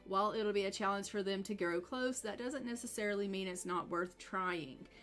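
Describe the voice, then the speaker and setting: Woman, casual game commentary, middle pitch, playful made-up dialogue for the characters. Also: moderate pace, fairly bright tone, faint music behind. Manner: voices both characters' dialogue in a chatty, playful way. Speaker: gameplay narrator. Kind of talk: casual let's-play commentary.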